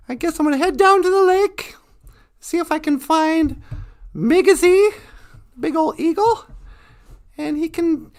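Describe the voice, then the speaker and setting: A man voicing a naive young male teddy bear who talks in an earnest, unsure way. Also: extremely high pitch.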